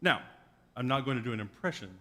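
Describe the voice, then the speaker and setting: A man's voice: mid-range voice, expressive, fast, bright, forceful tone, in a large hall. A man preaching a sermon as pastor, retelling a story in a wry, joking way. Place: church sanctuary.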